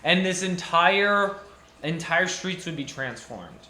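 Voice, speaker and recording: A young man delivers a passionate rant straight to camera, circling back to repeat his points and restarting sentences as he goes. His voice is bright and forceful and sits a little high for a man. The room around him rings with a noticeable echo. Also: expressive, takes it slowly. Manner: passionate, ranting, repetitive restarts, emphatic repetition. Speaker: jeweller. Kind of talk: impassioned monologue to camera.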